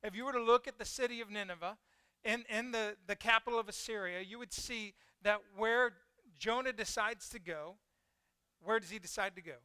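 A man's voice: sits high, moderate pace, sharp tone, smooth, no echo. A man preaching a conversational sermon, asking his listeners questions and acting out the voices in the story. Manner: conversational, asks the congregation questions, acts out quoted voices.

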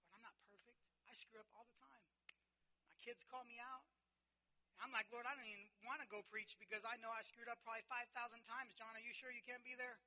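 High bright-voiced male pastor. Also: flat delivery, brisk. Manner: swings from hushed confession to loud preaching. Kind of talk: sermon with personal story.

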